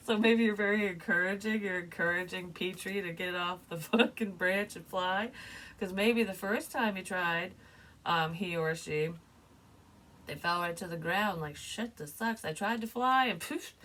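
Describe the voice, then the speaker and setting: Low-voiced woman giving a chatty psychic reading. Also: a bit bright. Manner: chatty and loose, laughs often, swears. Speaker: psychic reader. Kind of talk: casual spoken psychic reading.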